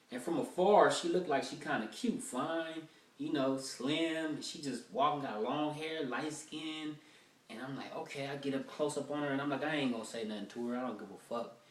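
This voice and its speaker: A man works through a rough draft of stand-up material, swearing freely and rambling through his stories with plenty of filler words. He sounds set back from the mic, and the room around him is echoey. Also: fairly high pitch, moderate pace, distant mic. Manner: profane, rambling storytelling with many fillers. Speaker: stand-up comedian.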